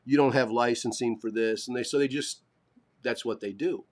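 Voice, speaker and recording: A man's voice: mid-range voice, normal speed. A man co-hosting a live stream, telling a long story in casual chat, swearing and acting out the people he quotes. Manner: animated, swearing, acts out quoted voices. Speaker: podcast co-host.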